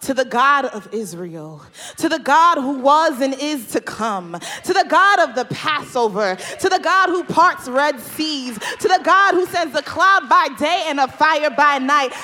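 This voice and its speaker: A woman preaching a sermon, building to impassioned, shouted refrains. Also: high-pitched.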